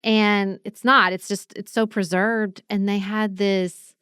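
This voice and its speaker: A woman's voice: mid-range voice, flat delivery, takes it slowly, a bit bright, clean tone, no room sound, studio quality. A woman, co-hosting a podcast and chatting in a casual way, telling travel stories and acting out the people she met. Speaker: podcast co-host. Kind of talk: casual chat.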